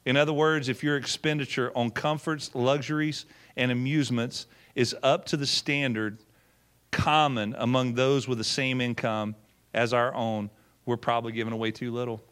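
A man's voice: medium pitch, fairly even intonation, moderate pace, a bit bright, smooth. A middle-aged man, a pastor, telling a story in a sermon in a folksy way, acting out quotes and often repeating words. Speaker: pastor and former missionary.

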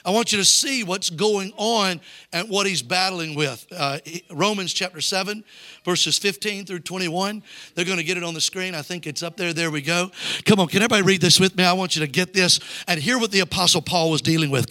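Evangelist, male, high bright voice, rousing sermon delivery that calls on the crowd to read along. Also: a little fast. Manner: urges the crowd to read aloud.

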